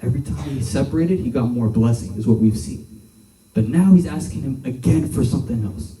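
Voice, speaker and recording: A man's voice: mid-range voice, a little fast, mellow. A young man giving a casual sermon to a youth group, chatty and full of fillers, acting out the voices he quotes. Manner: conversational, filler-heavy with many "like"s, acts out quoted voices. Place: church hall. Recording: echoey room from a distance.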